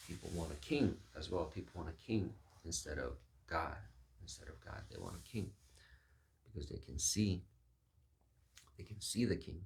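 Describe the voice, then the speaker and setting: A man's voice: low voice, normal speed, creaky, darkish tone, slight background noise. A man giving a reflective, sermon-style talk, musing aloud and acting out quoted voices.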